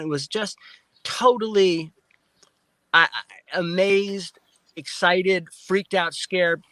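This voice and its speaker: A man recounts his experience with real excitement, acting out the noises and what he said at the time. His voice sits high and sounds bright and forward. The sound is close and dry, with no room around it. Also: slow, dry recording. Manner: excitable, acts out sounds and quotes. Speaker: guest. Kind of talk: animated storytelling.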